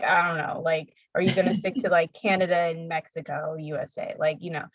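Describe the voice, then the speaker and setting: A woman's voice: fairly low pitch, no room sound. A young woman presenting at an online workshop, rambling casually, heard over a video call. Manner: rambling, casual, many fillers. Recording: dull, dry video-call audio.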